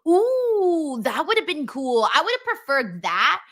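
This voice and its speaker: A woman's voice: high-pitched, big pitch swings, moderate pace, sharp tone. A woman hosting a casual wrestling watchalong stream, teasing her co-host, laughing often and reading viewer comments aloud.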